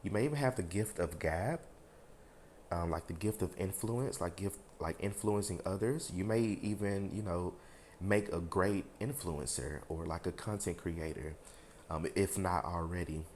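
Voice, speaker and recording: A man's voice: low-pitched, normal speed, a little mellow, a little hiss or hum. A man giving a casual tarot reading to his viewers, rambling with lots of fillers and talking frankly, with a bit of swearing. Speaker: tarot reader.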